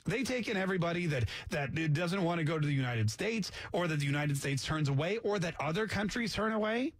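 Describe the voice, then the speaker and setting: Male talk radio host, high husky voice, sarcastic and joking, close dry studio mic. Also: expressive, a little fast, dry recording. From Canada. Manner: sarcastic, mocks accents with jokey asides. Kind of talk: casual talk radio monologue.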